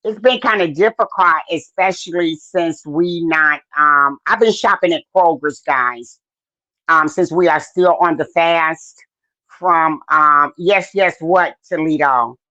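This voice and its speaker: A woman's voice: low-pitched, slow, sharp tone, no echo. A woman hosting a podcast live stream in a casual, chatty way, full of fillers and greeting viewers by name. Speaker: podcast host. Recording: dry, dull lo-fi sound.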